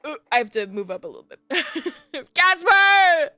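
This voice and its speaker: A woman's voice: a little high, big pitch swings, normal speed, pushed and bright, dry recording, clean studio sound. A young adult woman streaming a game, reacting with emotional, playful exclamations.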